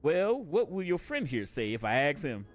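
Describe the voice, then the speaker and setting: A man's voice: fairly high pitch, big pitch swings, normal speed, faint music behind. A man voicing a stern, suspicious older male chief who scolds a drinker. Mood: scolding.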